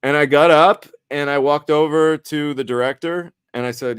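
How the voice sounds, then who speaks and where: Swearing, animated male storyteller. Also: on the high side, moderate pace, clear, resonant tone, no echo, studio quality. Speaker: podcast host and actor. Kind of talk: casual storytelling chat.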